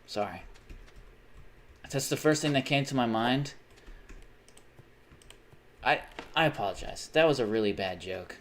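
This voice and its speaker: Young male streamer, mid-pitched voice, loose, profane chat-reading delivery over faint background hum. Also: animated, measured pace, pauses often. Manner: rambling, swears often, reads chat aloud. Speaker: livestreamer. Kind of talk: casual live-stream chat.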